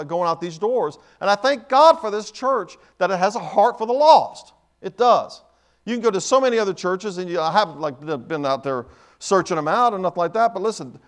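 Emphatic man preaching a sermon in church. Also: high voice. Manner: emphatic, repetitive, builds in bursts.

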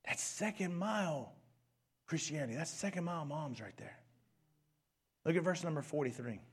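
A middle-aged male pastor preaching a sermon with passion, dropping to hushed near-whispers and rising to shouts. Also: fairly high pitch, animated, moderate pace, husky.

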